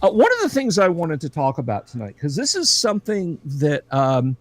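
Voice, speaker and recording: A man's voice: fairly high pitch, huge pitch swings, moderate pace, no room sound. A middle-aged man hosting a casual livestream chat, rambling and joking with lots of fillers and restarts. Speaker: livestream host.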